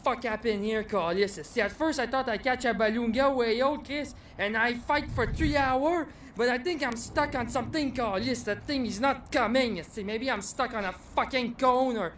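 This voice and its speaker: A woman's voice: on the high side, normal speed, hardly any pauses, far from the mic, a little hiss or hum, lightly acted, poor audio. A woman doing a swearing fisher. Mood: exasperated. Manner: rambling, swearing, broken English. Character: frustrated French-Canadian fisher, foul-mouthed.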